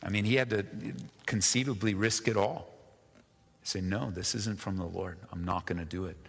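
A man's voice: low-pitched, steady tone, normal speed, creaky, a bit bright, long reverb tail. A male pastor preaching a sermon, reading scripture and rising to emphatic, impassioned peaks.

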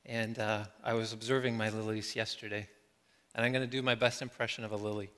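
A middle-aged man preaching a sermon as a pastor, reflective, slowing down and letting his phrases trail off softly. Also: on the low side, level tone, smooth. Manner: reflective, slow with soft trailing endings. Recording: long hall reverb.

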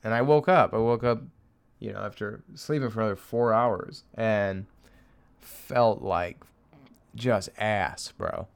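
A young man with a low, gravelly yet smooth voice, talking alone in a casual, crude comedic rant. He rambles from one gripe to the next and chuckles as he talks. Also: slow pace. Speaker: podcaster.

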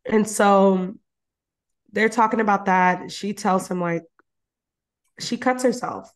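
A woman's voice: mid-range voice, slow pace. A woman host casually retelling a novel's plot. She talks loosely, swears freely, laughs often and leans on fillers like "you know". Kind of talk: casual book recap chat.

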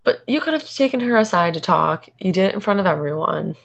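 A woman in relaxed casual chat as a podcast co-host, retelling reality-TV scenes with quotes. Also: lowish voice, a little fast, vocal fry, highs cut off.

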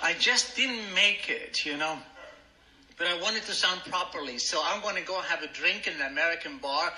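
A man's voice: fairly high pitch, moderate pace, bright, forceful tone, reverberant, poor audio. An older man from Argentina with an Argentine Spanish accent, telling his personal story to a meeting with self-mocking humor. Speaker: speaker at a recovery meeting.

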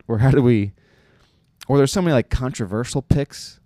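A man's voice: mid-range voice, normal speed, dark tone, dry recording, studio quality. A young man from New York, rambling through a casual comedic monologue with lots of fillers and restarts. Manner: rambling, self-deprecating, many fillers and restarts.

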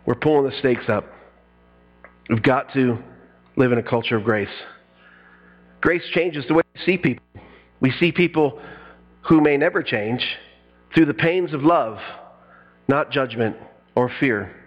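A middle-aged man preaching a sermon in an animated style, acting out quotes and breaking into sudden loud bursts. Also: medium pitch, measured pace, pauses often, highs cut off. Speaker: pastor.

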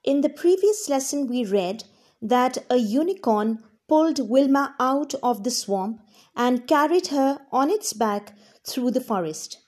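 A woman's voice: sits high, darkish tone. A woman teacher reading a storybook aloud to language learners and explaining words along the way. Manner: slow and clearly spoken, explaining to learners. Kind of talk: reading a class reader aloud.

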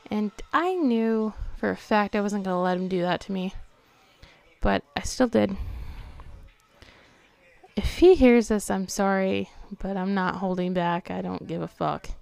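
A woman's voice: medium pitch, moderate pace, gravelly, dry recording. A teenage girl hosting her own podcast, talking hesitantly and tiredly late at night, often dropping to a near whisper. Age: teens. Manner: hesitant, soft-spoken, often trailing into a whisper. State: tired, yawning. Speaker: podcast host. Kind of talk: confessional late-night monologue.

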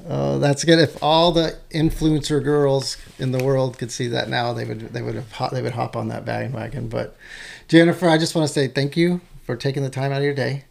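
A man hosting an interview, talking in a relaxed, chatty way with plenty of fillers and restarts. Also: mid-range voice, fairly quick, vocal fry. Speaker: podcast host. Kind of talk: casual interview chat.

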